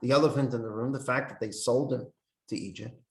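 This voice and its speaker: A man's voice: medium pitch, quick pace, vocal fry. A man teaching a Torah lesson in an earnest, explanatory sermon style, quoting texts and commentators as he goes. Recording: echoey room.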